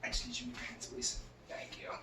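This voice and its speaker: Speaking fast over a noisy background, a male nursing student demonstrates a head-to-toe health assessment, narrating every step with many fillers and restarts. The mic is distant, so the sound is roomy.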